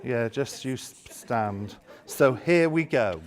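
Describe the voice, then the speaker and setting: A man leading a lively workshop demonstration, theatrical and teasing as he directs volunteers. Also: mid-range voice, slow, crowd noise. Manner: theatrical, playful, teasing volunteers with exaggerated delight. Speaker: education trainer leading a seminar.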